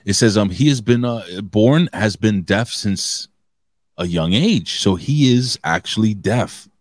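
A male wrestling-podcast co-host speaks a little slowly in a fairly low, animated voice, recorded with clean studio sound and no room echo. He's casual and lively, cursing freely and frequently restarting what he's saying.

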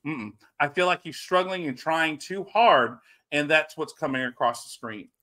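A man from South Louisiana, co-hosting a casual wrestling podcast, animated and chatty. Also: fairly high pitch, normal speed. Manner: animated, drops into mock Cajun voices. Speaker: podcast co-host.

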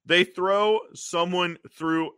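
A man co-hosting a podcast, recapping an old TV episode in an animated way, acting out the characters' lines and often clearing his throat. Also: high-pitched, takes it slowly, dry recording, studio quality. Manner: animated storytelling, acting out quotes in funny voices. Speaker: podcast co-host.

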